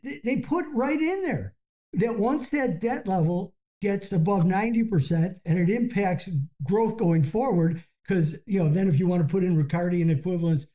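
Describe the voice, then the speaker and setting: A podcast host in casual conversation, explaining a point in a measured way and citing references. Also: medium pitch, mellow.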